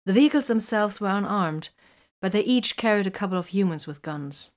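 A woman reading a story aloud as its narrator, in a measured, even storytelling manner. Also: mid-range voice. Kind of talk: scripted narration.

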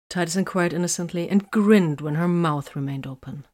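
A woman reading romantic fiction aloud in a soft, breathy voice that often drops near a whisper. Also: lowish voice, moderate pace. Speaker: narrator.

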